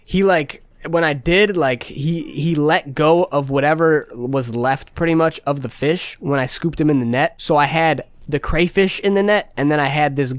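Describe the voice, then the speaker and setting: A man's voice: a little high, moderate pace, few pauses, no room sound. Slangy young man telling a storytime. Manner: slangy, profane, rambling with lots of "like" and "bro". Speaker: vlogger. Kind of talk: casual storytime.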